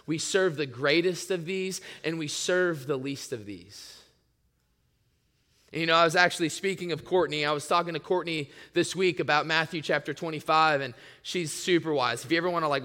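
A man preaching a sermon in a casual, excitable way, often filling his speech with "like". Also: on the high side. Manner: casual and excitable, many "like" fillers. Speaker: pastor. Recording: long reverb in a large hall.

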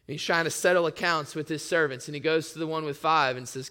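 Bright-voiced male preacher in a reverberant hall. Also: on the high side, fast, clear, resonant tone. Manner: casual and excitable, many "like" fillers. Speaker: pastor. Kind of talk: sermon. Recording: long reverb in a large hall.

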